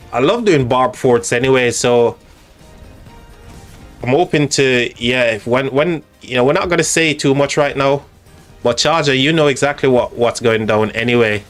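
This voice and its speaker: A man with an English accent hosting a live stream, chatting casually in a halting way with frequent restarts. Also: mid-range voice, faint music behind.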